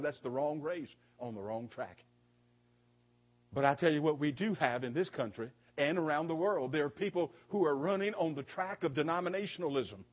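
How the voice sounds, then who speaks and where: A man preaching a sermon, emphatic and repetitive, with stammered restarts as he presses his points. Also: fairly high pitch. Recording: dull lo-fi sound.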